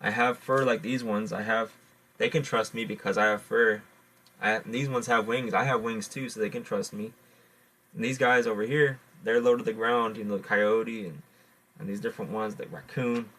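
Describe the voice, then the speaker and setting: A scheming, boastful male brown bat speaks in a spoken folk tale, put on by a man telling the story. The storyteller's voice sits low, and the bat stumbles and repeats his words as he sets the animals against each other. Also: steady tone, moderate pace, pushed and bright, rough recording. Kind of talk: oral storytelling.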